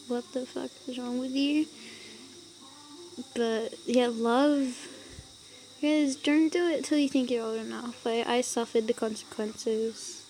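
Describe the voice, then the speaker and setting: A woman's voice: a little high, darkish tone, slight background noise, rough recording. A woman casually reading online stories aloud, giggling often and breaking off into chatty asides. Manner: giggly, breaks off to laugh and ramble.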